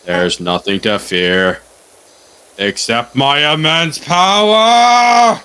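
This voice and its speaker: A man voicing an ancient, grandly menacing male alien guru in a slow, drawn-out, pompous way during a gaming voice chat. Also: a little high, pushed and bright, smooth, pitched below the performer's own voice, exaggerated voice. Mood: grandiose.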